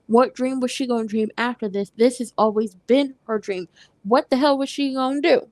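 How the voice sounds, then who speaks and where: A woman hosts a casual TV recap, talking in a sassy, animated way and acting out the characters' lines as she goes. Her voice sits fairly high. The sound is dry, close and without room echo. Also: normal speed. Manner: animated, sassy, retells scenes with quoted voices. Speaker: recap host.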